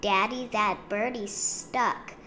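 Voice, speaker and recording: A woman voicing an eager little girl polar bear playing superhero in a picture book, loud and bossy. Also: mid-range voice, lively intonation, takes it slowly, echoey room, a little hiss or hum, pitched above the performer's own voice. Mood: excited.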